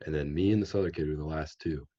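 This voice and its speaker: Very deep, husky young man. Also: quick pace, dark tone, dull audio. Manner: rambling, laid-back storytelling with many fillers. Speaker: podcast guest. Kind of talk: casual storytelling chat.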